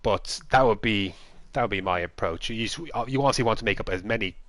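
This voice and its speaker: A man commentates on an esports race in a low voice. He talks in lively play-by-play with the odd chuckle. The sound is dry and close to the mic. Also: quick pace, no room sound. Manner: lively play-by-play with light laughs.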